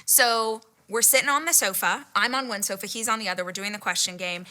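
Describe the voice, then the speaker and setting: Giddy, bright-voiced woman telling a story. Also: medium pitch, fairly quick. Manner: breathless, giddy, dips into whispered asides. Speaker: podcast host retelling a date story. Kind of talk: excited personal storytelling.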